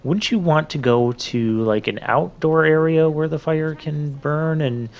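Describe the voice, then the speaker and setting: Creaky-voiced man rambling over gameplay. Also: a little high, unhurried. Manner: rambling, chatty, full of "like" and restarts. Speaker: let's play host. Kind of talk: casual gameplay commentary. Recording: slightly muffled lo-fi mic.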